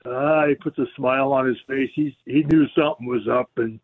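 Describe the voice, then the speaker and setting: A male guest on a radio show telling a lively story, acting out the voices of the people in it. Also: mid-range voice, a little fast. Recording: tinny phone line.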